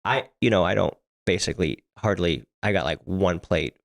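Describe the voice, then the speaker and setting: A man's voice: deep voice, normal speed, gravelly. A middle-aged man co-hosting a podcast, talking bluntly, swearing freely and often restarting his sentences. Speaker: podcast co-host. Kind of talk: casual podcast chat.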